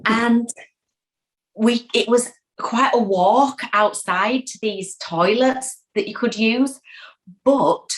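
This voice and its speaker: A woman's voice: fairly high pitch, takes it slowly, rough recording. A woman, a guest in an interview, chatting casually and acting out quotes as she tells an anecdote. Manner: chatty, animated storyteller who acts out quotes. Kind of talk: casual chat.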